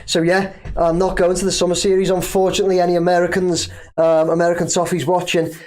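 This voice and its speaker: A man's voice: sits high, monotone, fast, darkish tone. A middle-aged man from England hosting a casual football livestream, chatting in a rambling, self-deprecating way while reading out viewer comments. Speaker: football channel host.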